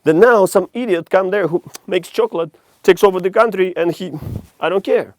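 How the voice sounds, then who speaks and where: A man's voice: sits high, brisk, no room sound. A man from Russia with a Russian accent, delivering a blunt, profane, heated monologue to camera as a vlogger.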